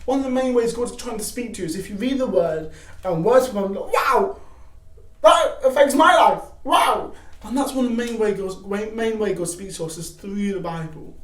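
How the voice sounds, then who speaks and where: A young man giving casual faith advice to camera, animated, acting out excited quotes. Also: high voice, brisk. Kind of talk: casual devotional talk to camera. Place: garage. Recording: echoey garage from a distance.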